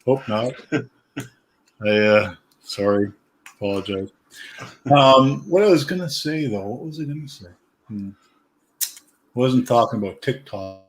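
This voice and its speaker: A man's voice: medium pitch, expressive, a little slow, long pauses. A man hosting a casual chat, rambling and searching for his words.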